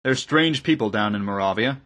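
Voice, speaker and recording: A man reading the part of an elderly village priest in an audiobook, genial and gently scolding. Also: lowish voice, lively intonation, normal speed. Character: elderly male village priest, fond of food.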